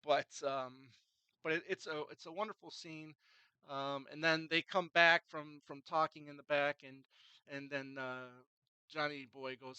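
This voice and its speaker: A man's voice: fairly high pitch, fairly even intonation, measured pace, sharp tone, clear, resonant tone, no room sound, low-quality recording. A man casually reviewing a film, retelling its scenes in a rambling way with many fillers and restarts.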